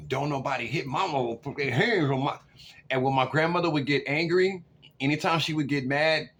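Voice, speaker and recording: A man in his forties spins a story casually to camera, voice swinging between quiet asides and loud, excited bursts. A faint background hiss sits under his medium-pitched voice. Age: 40s. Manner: animated, swings from loud to hushed. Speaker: vlogger.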